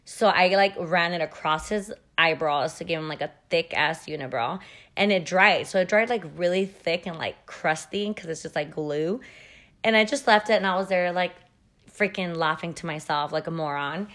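Female podcast host, lower voice, loose profane storyteller. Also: moderate pace, fairly bright tone. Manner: chatty and profane, heavy use of "like". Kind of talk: casual storytelling.

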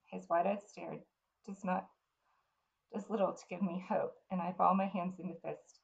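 Woman reading a fantasy book out loud, low voice with some fry, dull lo-fi sound. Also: steady tone, normal speed. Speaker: reader. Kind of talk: reading a fantasy novel aloud.

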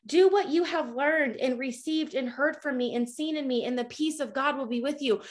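A woman in her thirties giving a fervent, preachy faith talk to her followers, at times nearly yelling. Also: sits high, moderate pace. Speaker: Christian speaker. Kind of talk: impassioned faith talk to a social media audience.

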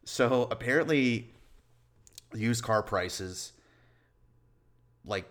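A man's voice: mid-range voice, very slow, fairly bright tone. A man co-hosting a podcast in casual chat, rambling and hedging with lots of filler words. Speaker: podcast co-host.

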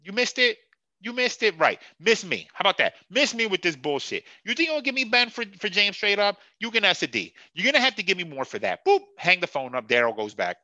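A man's voice: high voice, sing-song, fairly quick, bright, forceful tone, no echo, muffled recording. A man hosting a sports podcast who rants in a profane, sarcastic and heated way. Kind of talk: casual sports rant.

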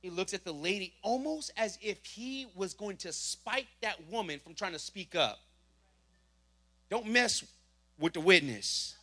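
A man giving a church testimony, telling his story with lively acted-out dialogue. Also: high voice, unhurried. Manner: animated storytelling, acting out dialogue. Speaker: testimony speaker.

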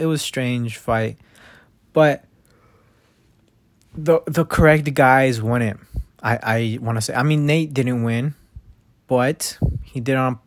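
A young man hosting his own podcast, chatting casually in a rambling, profane way, recorded on a phone in his dark bedroom. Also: mid-range voice. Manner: rambling, profane, restarts often. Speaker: podcast host. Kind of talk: casual solo podcast chat. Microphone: phone microphone.

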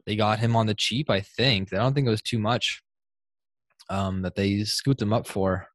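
A young man hosting a casual sports podcast, talking in animated bursts and laughing often. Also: lowish voice, no room sound. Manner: animated, laughing, fast bursts when excited. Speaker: podcast host.

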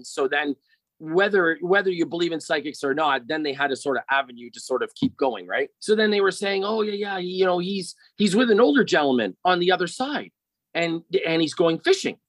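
A middle-aged man telling a personal story in casual conversation, animated and often repeating words as he starts a sentence. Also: fairly high pitch, no room sound, low-quality recording.

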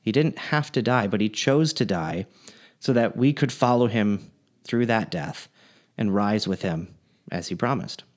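A man's voice: fairly low pitch, unhurried. Chatty man telling a faith story. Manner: relaxed, chatty, with many fillers and restarts. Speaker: podcast co-host. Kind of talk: casual faith discussion and storytelling.

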